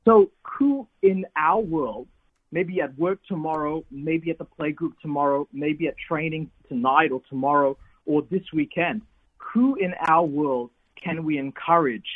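A man in his thirties, a pastor telling a personal story as a radio guest over the phone, lively with repeated emphasis. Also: on the high side. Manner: lively, repetitive emphasis, builds to exhortation. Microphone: phone call. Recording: tinny phone line, husky.

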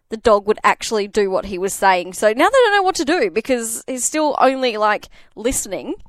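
A chatty woman hosting a radio show, talking in a fairly high voice. The sound is dry and close, with no room around her. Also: no room sound. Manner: chatty, quick storytelling with laughs. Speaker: radio host. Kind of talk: casual radio chat.

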